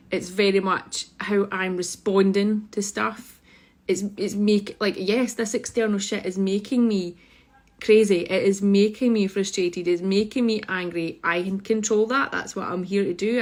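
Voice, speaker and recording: A Scottish woman, a mother, talking frankly to camera in a casual rant, blunt and full of swearing. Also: medium pitch. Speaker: mother vlogging about parenting.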